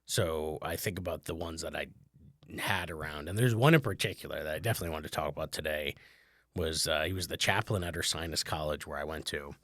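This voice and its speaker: A man's voice: very deep voice, fast talker, fairly bright tone, no room sound. A man hosting his own podcast, chatting in a rambling, casual way with lots of fillers. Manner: rambling, conversational, many fillers. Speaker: podcast host, comedian. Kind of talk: casual solo podcast talk.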